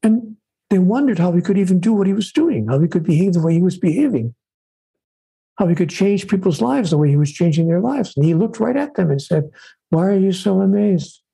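Gravelly, dark-voiced older man, preacherly. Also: expressive. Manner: measured, preacherly, drops low and soft for quotes. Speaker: author and spiritual teacher. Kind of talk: interview, storytelling.

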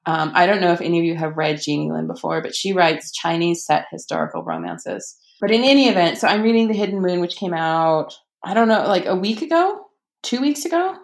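An author appearing as a podcast guest speaks in a slightly low voice with vocal fry and lively intonation, fairly quickly. Her talk is loose and conversational, with restarted sentences and ums as her enthusiasm grows.

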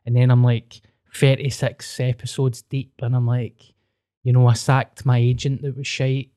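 A man's voice: mid-range voice, flat delivery, moderate pace, warm tone, dry recording. Scottish guy shooting the breeze on his podcast, swears a lot, dry close sound. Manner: sweary, laid-back banter. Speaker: podcast host and comedian. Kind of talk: casual chat.

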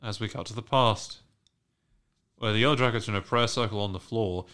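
A man hosting a podcast, recapping a TV episode in casual, profane chat and acting out the characters' lines with animated swings. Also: on the low side, fairly quick, background noise. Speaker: podcast host recapping a TV show.

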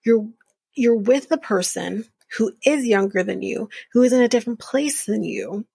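A woman's voice: on the high side, normal speed, vocal fry, a little mellow, breathy edge, dry recording. A woman in her early thirties hosting a podcast, giving a blunt, profane, opinionated casual recap of a reality show. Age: early 30s. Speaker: podcast host.

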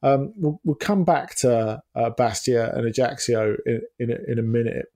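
A man of middle pitch with a gravelly, mellow voice, chatting on a football podcast. He rambles and hesitates, stacking fillers and restarts as he thinks aloud. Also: normal speed. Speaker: football journalist, podcast co-host. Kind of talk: casual podcast chat.

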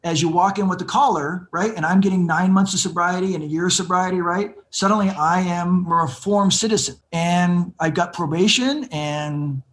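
A man in his fifties with a slightly raised pitch tells his story in a lively conversational way. He slips into the voices of the people he quotes. A faint hiss of noise sits behind him. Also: normal speed, few pauses. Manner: animated, acts out quoted voices. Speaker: guest telling his recovery story.

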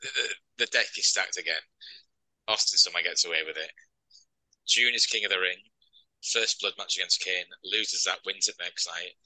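A man's voice: low-pitched, fairly even intonation, normal speed, pushed and bright, no room sound, poor audio. A man co-hosting a wrestling podcast, chatty and joking as he rambles through match recaps. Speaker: podcast co-host. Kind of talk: casual chat.

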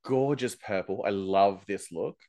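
Low-voiced gossipy male podcast co-host. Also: unhurried, warm tone. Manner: chatty, gossipy, laughs often. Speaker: podcast co-host recapping a TV show. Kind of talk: casual chat.

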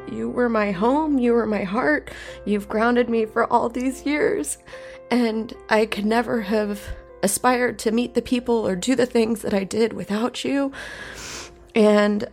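A woman voicing a devoted adventurer who gives a halting, emotional confession of love. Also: mid-range voice, creaky, a little mellow.

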